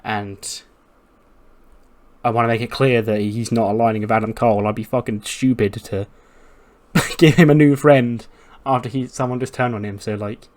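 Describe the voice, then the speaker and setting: A man's voice: mid-range voice, steady tone, normal speed, darkish tone. A man narrating a wrestling game casually, swearing and chuckling as he books matches. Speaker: gaming YouTuber. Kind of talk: casual let's-play narration.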